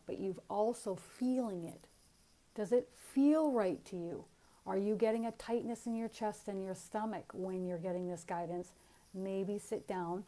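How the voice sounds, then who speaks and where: A woman giving a spiritual teaching talk, speaking in a calm, earnest and encouraging way. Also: mid-range voice.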